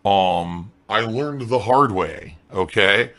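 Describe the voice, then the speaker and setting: A man's voice: lowish voice, expressive, takes it slowly, fairly bright tone. A man streaming live, reading out donation messages and answering them defensively and sarcastically. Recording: stream clip with faint music.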